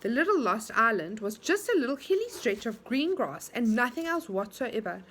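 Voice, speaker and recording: Animated woman reading a storybook aloud. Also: on the high side, normal speed, a little hiss or hum. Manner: animated, asking the child questions.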